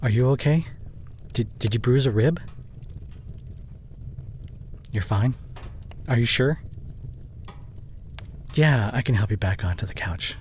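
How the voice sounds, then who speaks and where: A man's voice: mid-range voice, expressive, unhurried, long pauses, a little mellow, a little hiss or hum, lightly acted, poor audio. A man playing an overworked young boyfriend in an audio roleplay drama, speaking closely and with strong emotion straight to the listener. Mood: panicked, soothing. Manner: emotionally charged, intimate second-person address. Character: overworked young adult boyfriend, short-tempered but loving. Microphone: close studio condenser mic.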